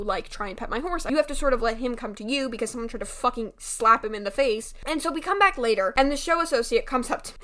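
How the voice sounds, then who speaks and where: A young woman telling a personal story in a casual, animated way, with lots of fillers and swearing. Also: a little high. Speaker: storytime vlogger.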